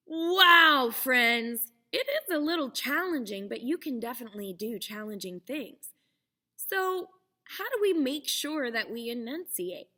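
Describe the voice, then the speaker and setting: Young female drama teacher for kids, slow and bright, encouraging. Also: high voice, big pitch swings. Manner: encouraging, clearly enunciated. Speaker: theater teacher. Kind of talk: children's lesson.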